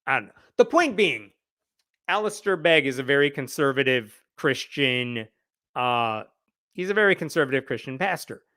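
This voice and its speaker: A man's voice: mid-range voice, animated, normal speed, pushed and bright, no room sound, clean studio sound. A man hosting a live news commentary stream, talking conversationally with a sarcastic edge. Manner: reads quotes aloud with shifting emphasis. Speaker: host.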